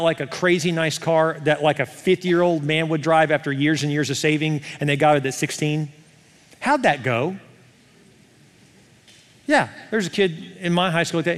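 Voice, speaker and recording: A middle-aged male pastor preaching a sermon in a conversational, animated way, often asking the crowd questions. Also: a little high. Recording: long hall reverb.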